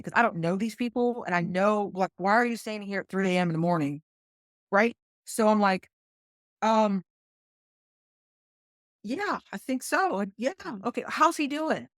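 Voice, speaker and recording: A middle-aged West Virginia woman, formerly a flight nurse, tells an earnest story on a podcast as a guest and acts out her past dialogue. Her voice sits on the low side, recorded in a clean studio with no room sound.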